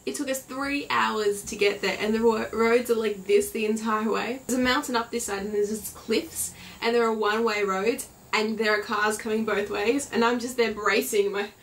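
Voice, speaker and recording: A woman's voice: a little high, fairly even intonation, normal speed, a bit bright, far from the mic. A teenage Australian girl in her bedroom, chatting in a rambling, bubbly way and acting out her stories. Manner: bubbly, rambling, acts out stories with silly voices. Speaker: vlogger. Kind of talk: casual vlog chat.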